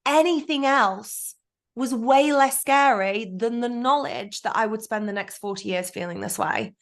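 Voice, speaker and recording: A woman's voice: fairly high pitch, unhurried. Woman on a podcast, chatty and frank, acts out her own thoughts. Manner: frank, animated storytelling with self-talk asides. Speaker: podcast guest. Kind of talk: candid storytelling interview.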